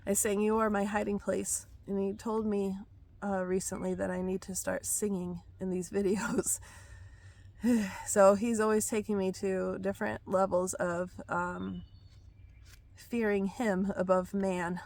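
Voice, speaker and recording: Hoarse woman, prophetic devotional reader, slow and solemn, monotone, mid-pitched. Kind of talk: reading prophetic messages aloud.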